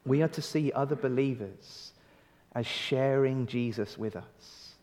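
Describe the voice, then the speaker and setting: A man's voice: mid-range voice, unhurried, darkish tone, in a large hall. A male pastor giving a sermon in an earnest, conversational way, stretching key phrases for emphasis and asking rhetorical questions.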